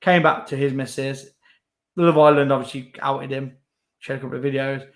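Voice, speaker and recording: A man's voice: mid-range voice, fairly even intonation, brisk. A young man, chatting casually as co-host with lots of fillers. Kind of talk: casual chat.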